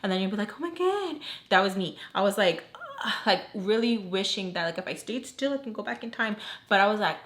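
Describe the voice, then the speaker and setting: A woman's voice: mid-range voice, brisk, a bit bright. A young woman vlogger telling a personal story in a casual, chatty way, full of "like" and acted-out quotes, while doing her makeup. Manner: chatty, heavy use of "like", acts out quoted lines.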